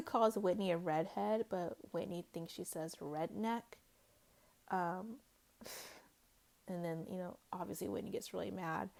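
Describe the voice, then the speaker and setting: A woman talks through a reality show episode in a loose, chatty way, dropping swear words and acting out the lines people said. Her pitch sits right in the middle for a woman. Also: vocal fry, darkish tone. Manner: chatty, swears freely, acts out quotes. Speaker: recap vlogger. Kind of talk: casual recap chat.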